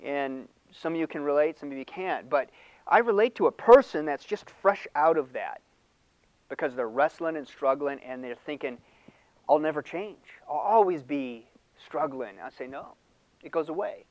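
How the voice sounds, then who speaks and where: An older man preaching with animated, chatty energy. His voice sits a little high for a man and changes quickly between quiet asides and loud bursts. The recording is dry and slightly dull, with little room sound. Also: no echo. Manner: animated, conversational preaching with laughs and mock voices. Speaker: pastor. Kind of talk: sermon.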